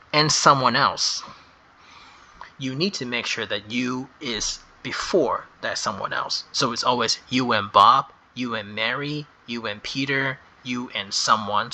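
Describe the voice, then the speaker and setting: A man teaching English grammar, explaining slowly and carefully and stressing key words. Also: mid-range voice, pushed and bright. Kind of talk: slow explanatory lesson.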